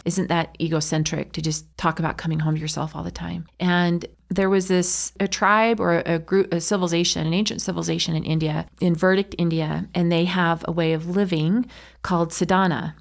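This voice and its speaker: A woman's voice: fairly low pitch, gravelly. A woman, an enneagram educator, speaking as a guest in a podcast interview, with a reflective teaching tone.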